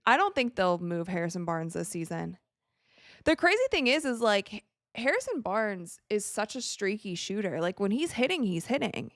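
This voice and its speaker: A woman's voice: mid-range voice, moderate pace, no echo. Young woman streamer, casual game commentary, chatty, dry close sound. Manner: chatty, animated, reacting to plays. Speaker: livestream host.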